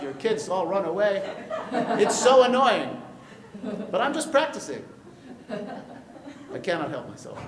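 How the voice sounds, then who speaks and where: A man teaching a class on poetry, lively and jokey, putting questions to his students. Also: moderate pace, long pauses, a crowd in the background. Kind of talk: classroom lecture on verse. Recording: echoey room with light rumble.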